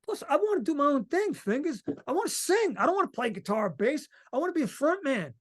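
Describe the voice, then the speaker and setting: A middle-aged man from Long Island, a musician guest telling stories in a rambling, excited way and swearing freely. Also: extremely high pitch, fast. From Long Island, New York. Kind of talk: casual interview chat.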